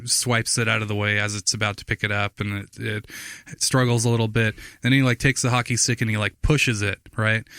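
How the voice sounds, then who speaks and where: A man's voice: fairly low pitch, a bit bright, clear, resonant tone, no room sound, clean studio sound. A man co-hosting a podcast in casual chat, rambling as he explains, with many restarts. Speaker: podcast co-host.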